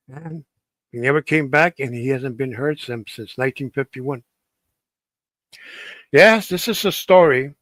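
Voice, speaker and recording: A man casually telling a ghost story on a stream, halting often and restarting his sentences. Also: mid-range voice, fairly bright tone, no echo. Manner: halting, many restarts and fillers.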